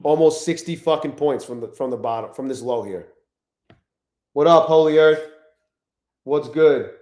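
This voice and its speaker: A man streaming live, talking casually and excitably to his chat, swearing often and greeting viewers by name. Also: a little high, moderate pace, roomy sound.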